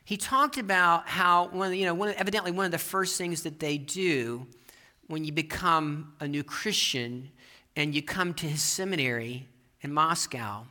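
Sermon preacher, bright tone, animated pacing, repeats lines for emphasis. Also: mid-range voice, moderate pace. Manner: animated, shifting pace, rising to emphatic peaks; repeats phrases and restarts as he builds. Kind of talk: sermon with storytelling. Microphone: presenting with slides.

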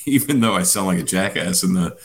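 Deep-voiced man swearing through a story. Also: expressive, normal speed. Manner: rambling storytelling, heavy swearing and fillers. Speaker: podcast co-host. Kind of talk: casual chat.

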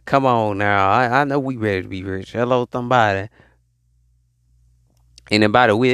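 A man's voice: fairly low pitch, fairly bright tone, smooth, no room sound, studio quality. A man hosting his podcast, preaching. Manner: call-and-response exhortation, drawn-out hype. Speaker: podcast host. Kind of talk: motivational preaching monologue.

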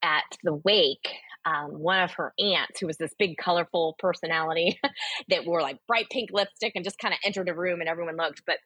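A woman's voice: fairly low pitch, a little fast, fairly bright tone, husky, dry recording. A woman, a guest author on a podcast, telling personal stories in an earnest, emphatic way with frequent fillers. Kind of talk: candid podcast conversation.

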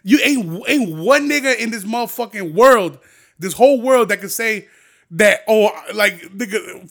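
A young man delivers a heated solo podcast rant with a high voice. He curses constantly and swings between low, muttered asides and loud, fired-up outbursts. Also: expressive, measured pace, vocal fry. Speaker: podcast host. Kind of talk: ranting podcast monologue.

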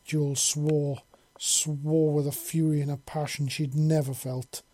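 With a husky, dark voice, a narrator reads a storybook at a measured pace, keeping the delivery flat and level with little rise or fall. The recording is close and dry, and the reading stays steady and blunt, coarse language included.

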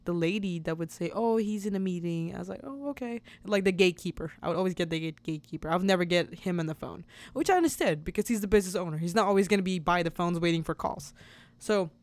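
A woman hosting a podcast, telling a personal story in a chatty, animated way, laughing often and acting out the dialogue. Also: lowish voice, quick pace, dry recording. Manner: chatty with many fillers and restarts. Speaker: podcast host. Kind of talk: casual storytelling.

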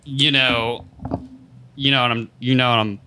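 A man's voice: medium pitch, fairly even intonation, measured pace, bright, forceful tone, a little hiss or hum. A man performing in an improv comedy scene, flustered and rambling with lots of fillers.

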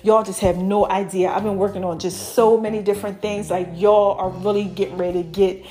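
A woman hosting her own podcast, chatting excitedly and effusively with her listeners, full of thanks and exclamations. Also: medium pitch, brisk. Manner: effusive, chatty, lots of "y'all" and "oh my gosh". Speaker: podcast host. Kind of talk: excited casual podcast chat.

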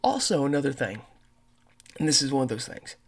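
A man's voice: medium pitch, very animated, fairly quick, slightly rough. Man, podcast host, loose rambling storyteller who curses freely. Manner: says he has a terrible accent and mispronounces words. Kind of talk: casual monologue.

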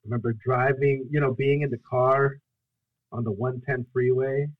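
A young man from Guatemala, a storyteller and solo performer, telling his own story as a podcast guest in an earnest, halting way. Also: medium pitch, little pitch movement, no echo, phone-quality sound. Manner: earnest, halting, acts out his own past pleas and quotes. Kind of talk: emotional personal storytelling in a podcast interview.

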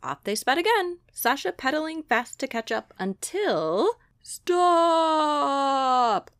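A woman librarian reading a children's picture book aloud with slow, expressive delivery. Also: high-pitched, no room sound, clean studio sound. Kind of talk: storybook read-aloud.

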